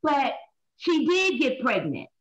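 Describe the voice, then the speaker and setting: A woman, hosting a Bible talk show as a minister, preaching in an animated way and asking and answering her own questions. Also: high-pitched, slow pace. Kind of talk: animated Bible study teaching. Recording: dull lo-fi sound.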